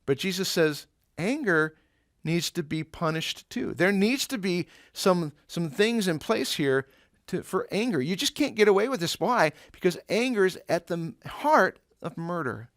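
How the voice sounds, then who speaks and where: A man leads a Bible lesson for students in a relaxed, conversational way. He asks the class rhetorical questions and explains ideas with everyday examples. His voice sits a little high, and the recording is close and dry with no room sound. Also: a little slow, no echo. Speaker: Bible teacher.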